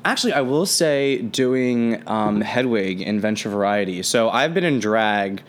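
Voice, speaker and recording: A man's voice: fairly low pitch, animated, measured pace. Chatty man with lots of fillers. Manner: chatty, filler-heavy, giggly. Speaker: podcast guest, performer. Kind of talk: casual chat.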